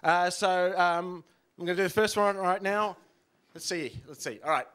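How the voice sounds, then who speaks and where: A man's voice: high-pitched, moderate pace, fairly bright tone, smooth. A man in his thirties doing a rambling, self-deprecating stand-up set, full of ums and uhs. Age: 30s. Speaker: stand-up comedian.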